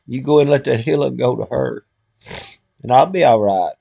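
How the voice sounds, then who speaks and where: An older man leads a heartfelt, folksy prayer for his online viewers. His voice is gravelly and creaky, and the stream audio sounds dull and muffled. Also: medium pitch, moderate pace, warm tone, dry recording. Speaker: live stream host.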